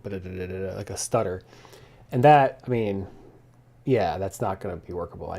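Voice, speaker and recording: A man's voice: mid-range voice, a little mellow. Man rambling through a coding log. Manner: rambling, thinking aloud with many restarts. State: slightly out of breath. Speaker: software developer streaming his coding. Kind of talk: casual spoken coding log.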